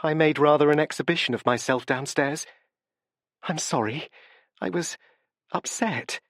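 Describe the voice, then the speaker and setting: A man voicing a soft-spoken, quietly unsettling young woman in an audiobook, talking in a hesitant, sincere way. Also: on the high side, lively intonation, moderate pace, no echo, clean studio sound, voice pushed up, lightly acted. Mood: soft, apologetic. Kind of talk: audiobook character voice.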